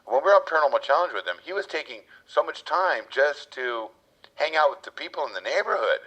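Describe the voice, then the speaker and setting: A man's voice: on the high side, fast, husky. A man guest telling casual stories and acting out the people in them. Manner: animated storyteller, acts out quotes. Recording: lo-fi muffled audio.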